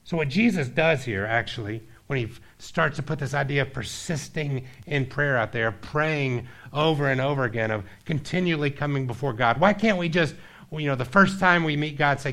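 A male pastor preaching a sermon, telling a story and acting out its characters, then dropping low and quiet to press his point. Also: moderate pace. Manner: storytelling, acts out voices, drops low and quiet for emphasis.

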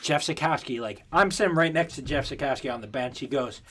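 A man's voice: mid-range voice, brisk, pushed and bright. Blunt young man, profane chat. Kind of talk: casual chat.

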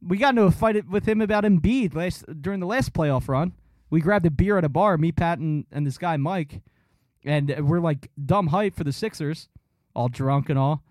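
A man chatting casually about sports on a podcast, animated and fond of doing impressions. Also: a little high, moderate pace, no echo. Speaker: podcast host.

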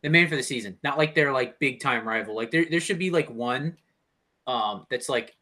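A man's voice: medium pitch, moderate pace, bright, forceful tone. A young man in a casual chat, thinking aloud, often stopping and restarting his sentences. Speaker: co-host.

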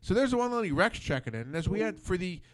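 A man's voice: sits high, very animated, quick pace, no echo. A man hosting a casual talk show, telling rambling, profane stories with many restarts. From Philadelphia area. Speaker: podcast host. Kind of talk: casual chat.

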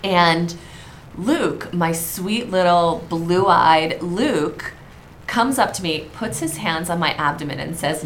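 A woman's voice: fairly low pitch, takes it slowly, a little hiss or hum. A woman podcast co-host telling candid, self-mocking stories with casual swearing. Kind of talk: casual chat.

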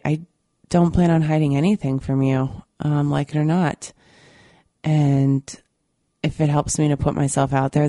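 Low-voiced, stuffy woman podcast host. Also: mellow, no room sound, clean studio sound. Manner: candid and earnest, with many fillers. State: stuffy from a cold. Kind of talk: casual monologue to listeners.

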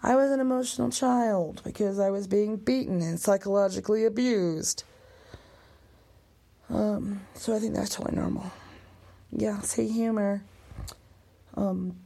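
A woman venting on her own podcast in a rambling, emotional rant. Her voice is gravelly and husky with a dark, mellow tone. She swears and slips into whispered asides, a little tipsy after a couple of drinks. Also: medium pitch, fairly even intonation, unhurried, long pauses. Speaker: podcast host.

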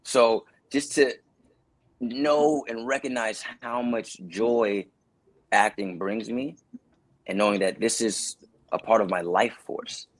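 A man's voice: lowish voice, slow, no echo, low-quality recording. A man, an actor and dancer, telling stories in a casual interview and acting out the people he quotes. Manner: animated storyteller who acts out voices of people he quotes.

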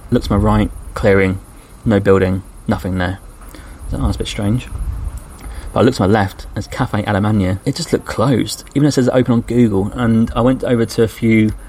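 A man's voice: lowish voice, a little hiss or hum. Chatty English man telling a travel story. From England. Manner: chatty, animated when quoting people. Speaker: podcast host.

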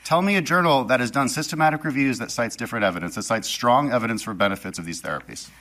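A man's voice: medium pitch, fast, a bit bright. A man questioning a witness at a hearing in a pressing, insistent way. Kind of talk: hearing cross-examination.

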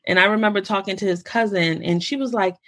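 A young adult American woman hosting a podcast, talking casually and telling stories in an animated way. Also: medium pitch, fast. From United States. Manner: animated storytelling, quotes relatives in lively voices. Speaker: podcast host. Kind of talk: casual conversation.

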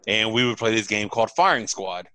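A man from Texas, telling a childhood story in a relaxed, low-key way. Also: fairly quick, no room sound, rough recording. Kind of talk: casual storytelling.

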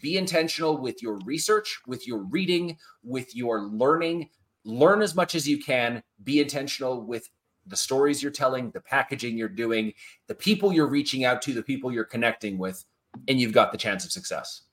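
A man, a guest author on a video call podcast, speaking in an emphatic, motivational and animated way. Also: medium pitch, moderate pace. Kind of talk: casual podcast interview over video call.

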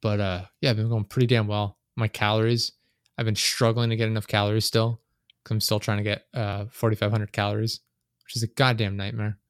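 Speaking fairly quickly in a lowish, level voice, this young podcast host rambles through a casual chat, leaning hard on "like" and cursing freely. The desk-mic recording is clean studio sound with no room sound.

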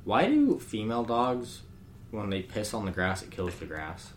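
A man's voice: lowish voice, sing-song, moderate pace, slight background noise. A young man co-hosting a podcast, chatting casually in a laid-back, slangy way and laughing often. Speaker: podcast co-host. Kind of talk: casual chat.

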